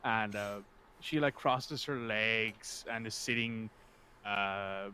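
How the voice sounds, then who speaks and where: A man playing a tabletop role-playing game, describing his character's actions in a relaxed, chatty way. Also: on the low side, slow pace, slight background noise.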